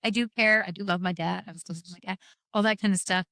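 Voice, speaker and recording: A woman's voice: medium pitch, fairly even intonation, fast talker, pushed and bright, no echo. A middle-aged woman talking frankly and wryly about grief as a guest, telling her story with lots of quoted back-and-forth. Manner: frank, wry, rambling storytelling with quoted dialogue. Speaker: podcast guest. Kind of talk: candid conversation about grief.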